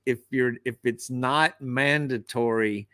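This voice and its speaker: A man's voice: medium pitch, slow, a bit bright, no echo, clean studio sound. A man who is a fishing captain, telling boating stories and giving plain cautionary advice in a casual podcast chat over a remote call. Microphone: remote call over wifi.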